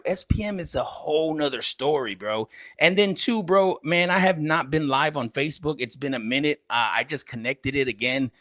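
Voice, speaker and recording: A man with a bright, forceful, higher-pitched voice hosts a casual livestream, recorded with no room sound. Slightly out of breath, he talks straight to chat in repetitive slang.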